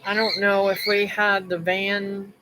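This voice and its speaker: A woman's voice: mid-range voice, level tone, measured pace, bright, forceful tone, rough recording. Rambling woman telling a story on a live stream. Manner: rambling, with restarts and asides to viewers; mixes in religious remarks.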